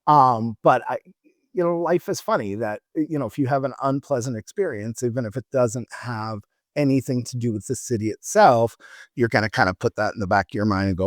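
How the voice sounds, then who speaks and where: A man's voice: mid-range voice, a little fast, no room sound, clean studio sound. A middle-aged man on a travel podcast, telling rambling anecdotes in casual chat with many restarts.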